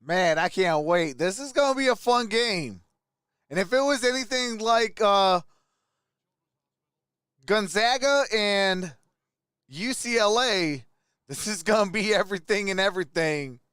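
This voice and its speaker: Hoarse man greeting his live-stream chat. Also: high voice, lively intonation, unhurried, long pauses, fairly bright tone, no room sound, studio quality. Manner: greets viewers one by one, laughs often. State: hoarse, voice nearly gone. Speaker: livestream host.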